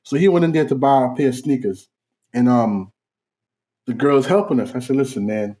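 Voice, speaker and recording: A man's voice: medium pitch, lively intonation, moderate pace, mellow. A man telling a funny story on a casual podcast, acting out other people's voices. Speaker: podcast co-host.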